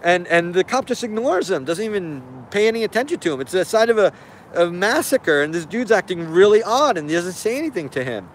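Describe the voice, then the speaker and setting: A man's voice: high voice, very animated, a little fast, slight background noise. A man giving casual spoken commentary on video footage, hesitant and puzzled, often repeating himself.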